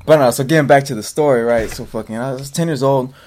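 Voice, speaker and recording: A man's voice: medium pitch, fast talker, darkish tone, a little hiss or hum. A man in his twenties telling a long childhood story in casual, rambling style, swearing almost every line. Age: 20s. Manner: profane, rambling, swears constantly. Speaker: podcast co-host telling a story.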